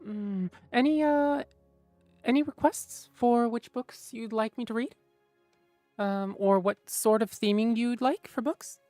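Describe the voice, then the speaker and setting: A woman's voice: a little high, measured pace, mellow, dry recording, soft background music. A woman streamer chatting casually with viewers, rambling and mumbling to herself with lots of fillers.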